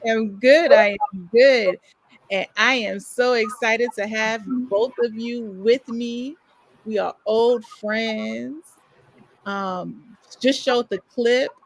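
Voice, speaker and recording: A woman hosting an interview, warmly encouraging her guests and cheering them on. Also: on the high side, takes it slowly, no room sound, low-quality recording. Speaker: host. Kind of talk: casual interview chat.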